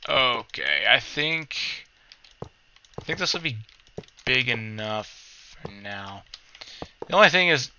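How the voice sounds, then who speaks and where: A man's voice: medium pitch, bright, forceful tone, clean tone, muffled recording. A man hosting a let's play, giving casual, rambling gameplay commentary, often correcting himself and humming little sound effects.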